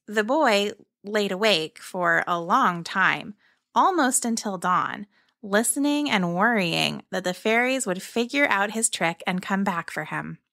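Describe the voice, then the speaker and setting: A woman hosting a children's podcast, narrating a fairy tale in a gentle, measured way. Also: mid-range voice, no echo, studio quality. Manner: gentle, measured, slow storytelling. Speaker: storyteller and podcast host.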